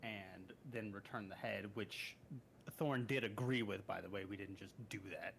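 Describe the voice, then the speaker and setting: A man's voice: on the low side, normal speed, creaky, slight background noise. Slightly drunk rambling male player. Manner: rambling recaps, self-correcting. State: a little drunk, slurring. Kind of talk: casual tabletop game chat.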